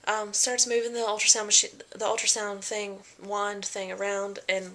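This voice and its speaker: A woman's voice: medium pitch, monotone, normal speed, a bit bright. A young woman talking casually in a pregnancy vlog, chatty and full of fillers, often acting out what people said. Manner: chatty, many fillers and quoted voices. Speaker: vlogger.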